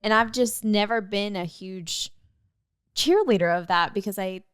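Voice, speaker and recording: This young woman's podcast is a casual, cheerful chat about dating and being single, told through lively stories. She speaks a little slowly in a clean, mid-range voice. The studio recording is dry and clean.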